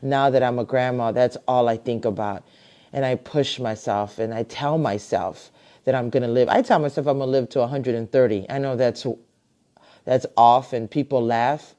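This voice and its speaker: A middle-aged woman and grandmother hosting a casual live video chat from her computer, talking in a chatty, warm-hearted way with many fillers and restarts. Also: very deep voice, normal speed. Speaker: host. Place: home, at a computer. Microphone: computer mic on a live video call.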